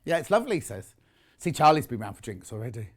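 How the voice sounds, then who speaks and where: A man's voice: mid-range voice, sing-song, fast, breathy edge. A man with a British accent presenting on a live craft shopping show, chatting and teasing as he reads out viewer messages. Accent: British English. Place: TV studio.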